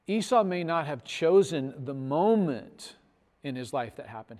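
A man preaching a sermon as pastor, telling a story with big swells in loudness and soft, trailing phrase endings. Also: on the high side, long reverb tail. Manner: animated storytelling, swells loud on punchlines, drops soft at ends.

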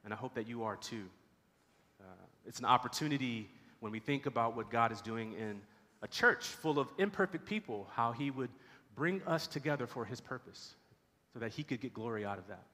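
Pastor preaching in a reverberant hall. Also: male voice, mid-range voice. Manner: storytelling, animated voices for characters. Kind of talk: sermon. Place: church sanctuary.

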